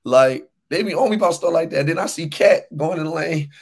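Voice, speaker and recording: A man's voice: a little high, slightly rough. A young man co-hosting a casual sports podcast, ranting animatedly and repeating his points for emphasis. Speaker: podcast co-host.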